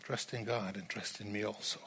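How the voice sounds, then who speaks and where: A man preaching a sermon in a slow, emphatic way, repeating phrases as he builds his point. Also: lowish voice, fairly even intonation, vocal fry, a bit bright, slight background noise.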